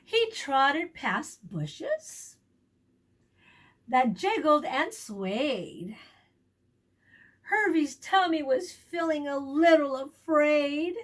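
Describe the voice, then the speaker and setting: Teacher reading to kids: a woman with a high, very expressive voice, slow and clear. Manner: warm, animated storytelling with questions to children. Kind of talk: reading a picture book aloud to children.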